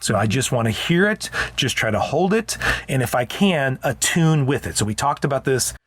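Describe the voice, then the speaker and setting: A man's voice: medium pitch, expressive, normal speed, a bit bright, husky, dry recording, clean studio sound. A man co-hosting a parenting podcast as a counselor, explaining earnestly in casual chat and often restarting his sentences.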